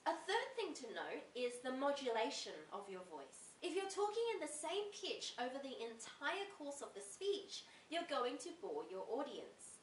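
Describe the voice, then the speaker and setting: A young Australian woman teaches in a clear, deliberate way, her high voice rising and falling a lot. She sounds set back from the microphone in a roomy space. A faint hiss runs underneath. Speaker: tutor. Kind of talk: instructional video talk. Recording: roomy echo from a distant mic with faint hiss.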